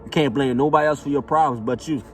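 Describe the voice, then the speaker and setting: A man's voice: medium pitch, quick pace, recorded from a distance, soft background music. A man giving a casual, emphatic motivational monologue, repeating himself and checking in with "know what I'm saying". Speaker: motivational vlogger.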